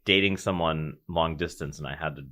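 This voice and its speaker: A man in a casual podcast chat, telling animated stories full of "like" fillers and quoted voices. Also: very deep voice, a little fast. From Philadelphia area, US. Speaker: podcast guest.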